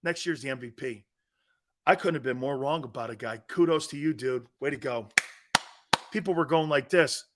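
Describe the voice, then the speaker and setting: A man hosting a sports talk show, ranting loosely and acting out his own stories with brash, animated energy. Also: medium pitch, normal speed, very noisy. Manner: brash, animated storyteller, acts out dialogue. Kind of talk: loose sports radio rant.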